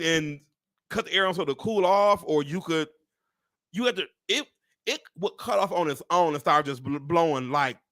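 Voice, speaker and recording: Man hosting a live stream, gravelly, swinging pitch, preacher-style exclamations. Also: dry recording, clean studio sound. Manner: animated, profane, preacher-like exclamations. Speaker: real estate agent hosting a live stream. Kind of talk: casual storytelling to live viewers.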